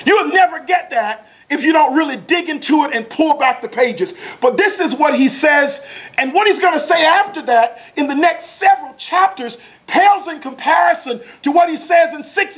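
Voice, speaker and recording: A man giving a motivational lecture as a sales trainer, talking fast with a passionate, preacher-like delivery. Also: very high voice, animated, fairly bright tone. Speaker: sales trainer speaking at an academy.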